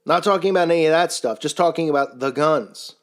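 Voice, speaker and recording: A man's voice: fairly high pitch, fast talker. A man delivering a scornful, sarcastic commentary rant, full of rhetorical questions. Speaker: commentary channel host. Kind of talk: ranting monologue commentary.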